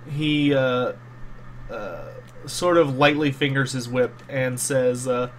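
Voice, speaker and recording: A man's voice: mid-range voice, takes it slowly. Guy running a tabletop game, lots of ums and uhs, slight hiss behind. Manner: hesitant, many ums and uhs. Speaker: game master.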